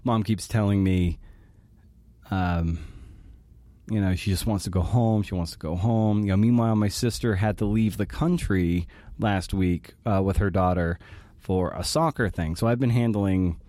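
Halting, low-voiced male podcast host. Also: mellow, no echo. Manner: halting and emotional, with many restarts. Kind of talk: personal monologue.

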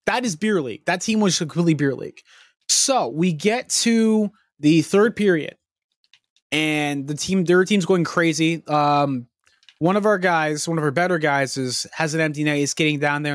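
On a podcast, a young male co-host with a voice on the high side launches into a lengthy, rambling tale, cursing freely and growing increasingly worked up. He's animated and profane throughout. The clean studio sound has no room ambience.

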